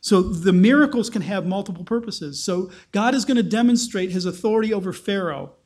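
High-voiced man teaching scripture. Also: fairly quick, darkish tone. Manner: conversational, explanatory, acts out quotes. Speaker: preacher. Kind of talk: sermon, Bible teaching.

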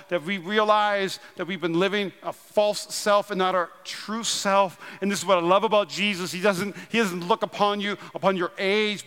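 A man in his thirties from North Dakota, preaching a sermon with animated storytelling and self-deprecating humor. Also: high-pitched, smooth. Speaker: pastor. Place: large church auditorium. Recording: long hall reverb.

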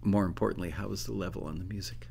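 A man's voice: deep voice, fast, vocal fry, darkish tone, a little hiss or hum. A man hosting a casual livestream, chatting and joking while reading out audience comments and votes. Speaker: host of a song-listing review livestream.

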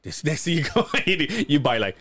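A man's voice: on the high side, sing-song, moderate pace, a crowd in the background. A man co-hosting a podcast in casual chat, rambling through stories, laughing often and acting out other people's lines. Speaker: podcast co-host.

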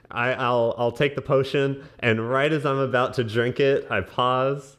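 A man's voice: mid-range voice, fairly even intonation, a little slow, hardly any pauses, fairly bright tone. A man taking his turn as a player in a tabletop game, speaking playfully and partly in character. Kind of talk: casual tabletop game play.

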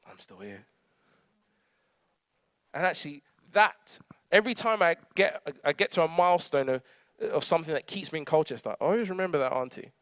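A man's voice: a little high, expressive, a little fast, a bit bright, dry recording, studio quality. A man, preaching a conversational sermon with humorous asides and frequent laughter. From London. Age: 30s.

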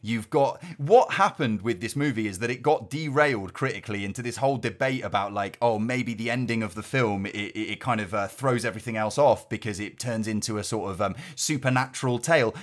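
A man's voice: lowish voice, fairly quick, hardly any pauses. A man co-hosting a podcast, talking earnestly and passionately about films with plenty of casual fillers. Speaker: podcast co-host reviewing films. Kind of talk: casual conversational review. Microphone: headphones and podcast mic.

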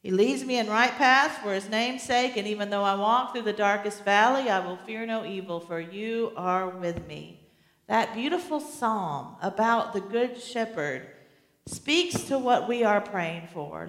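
Slow-preaching woman pastor in an echoey hall. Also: mid-range voice, expressive, a bit bright. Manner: slow, deliberate preaching with emphatic repetition. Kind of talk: sermon. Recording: echoey hall, long reverb.

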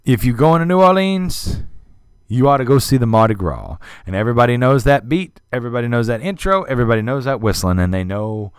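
A podcast host tells a story with lots of swearing and constant asides, and his voice rises and falls in a lively way. His voice is mid-pitched. The recording is dry, with no room echo. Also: a little fast, clear, resonant tone. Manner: animated, profane storytelling. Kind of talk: casual chat.

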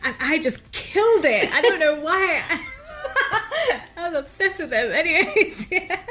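A woman's voice: very high-pitched, sing-song, unhurried, pushed and bright. A woman chatting as a radio guest, bubbly and laughing often between her words. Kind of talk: casual chat.

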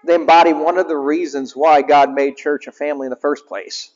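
A male chaplain giving a sermon, speaking in a fairly high voice. He keeps things conversational and questions the congregation directly. The recording sounds muffled, with a long echo through the hall. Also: fairly even intonation, a little fast, a little mellow.

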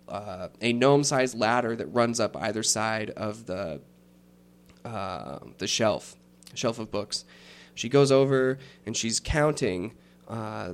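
A man narrating a tabletop game as game master, unhurried and rambling, with many fillers. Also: medium pitch.

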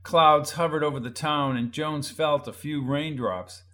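An audiobook narrator reads a crime novel aloud in a fairly high-pitched male voice, pushed and bright, with fairly even intonation and a slightly slow pace. He changes his delivery for each character's lines, giving scripted narration with distinct voices.

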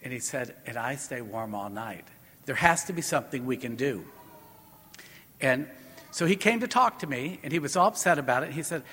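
A man's voice: medium pitch, animated, normal speed, pushed and bright, breathy edge. Man preaching in a reverberant church. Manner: storytelling, conversational preaching. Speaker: priest. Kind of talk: sermon.

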